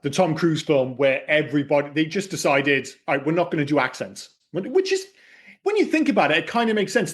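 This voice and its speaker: Lively, opinionated man. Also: on the high side. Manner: animated, opinionated and sweary. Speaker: podcast co-host. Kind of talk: casual film discussion.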